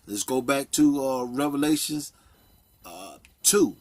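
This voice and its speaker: A man's voice: mid-range voice, lively intonation, darkish tone, no echo. A man teaching a Bible study, reading verses aloud and explaining them, checking in with frequent "okay?" and "all right?". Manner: reads scripture slowly, explaining with frequent "okay?".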